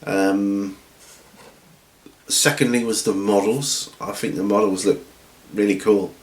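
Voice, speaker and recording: A man hosting a hobby channel from home, chatting casually through viewer questions in a rambling, relaxed way with lots of ums and restarts. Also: fairly low pitch, slow pace, slight background noise. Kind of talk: casual Q&A chat. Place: at home, seated with feet up. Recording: roomy room echo.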